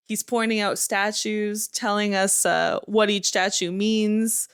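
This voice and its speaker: A woman's voice: mid-range voice, flat delivery, slow, clean tone. A woman co-hosting a movie review podcast as a mom, chatty, telling stories and filling her speech with "like". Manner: chatty storyteller, laughs often, says "like" a lot. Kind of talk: casual movie review chat.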